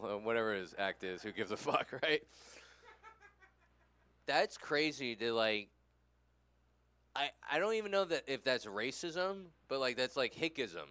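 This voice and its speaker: A man's voice: medium pitch, animated, normal speed, a bit bright, clean tone, no room sound. A tired, tipsy man from California doing a rambling, crude, self-deprecating stand-up set. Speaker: stand-up comedian.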